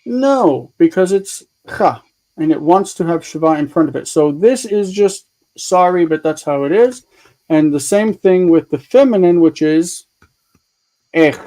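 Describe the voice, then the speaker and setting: A man's voice: a little high, dark tone, rough recording. A man teaching a live online grammar lesson over a video call, explaining step by step and thinking aloud as he works his screen. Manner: chatty, thinks aloud while fiddling with screen tools; patient step-by-step explaining with repeated examples.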